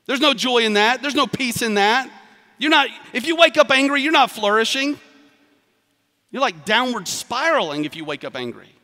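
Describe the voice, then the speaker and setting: Lively pastor in a reverberant hall. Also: male voice, extremely high pitch, moderate pace. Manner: conversational, animated preaching with asides and quoted voices. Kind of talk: sermon.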